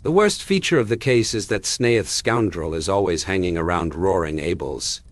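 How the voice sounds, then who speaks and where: A man's voice: low voice, animated, normal speed. A man doing a stern, pompous uncle.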